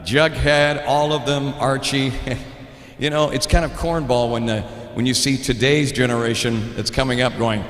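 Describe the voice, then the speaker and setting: A man's voice: medium pitch, steady tone, moderate pace, a bit bright, in a large hall. A middle-aged man with an Oklahoma accent, hosting a live show in casual chat, laughing often as he reads out trivia.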